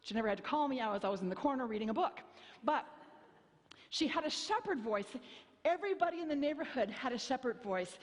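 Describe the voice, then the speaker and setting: A woman's voice: high-pitched, expressive, quick pace. Woman pastor preaching in a reverberant church. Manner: storytelling, wry and self-mocking, acts out voices. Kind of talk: sermon. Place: church sanctuary. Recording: long hall reverb.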